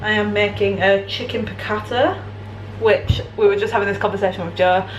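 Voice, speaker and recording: A young English woman filming a casual home vlog, chatting to the camera about her week with a self-mocking, giggly manner. Her voice sits at an ordinary pitch, and a faint hiss of noise runs under the recording. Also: fairly even intonation, brisk, rough recording. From England. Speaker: vlogger.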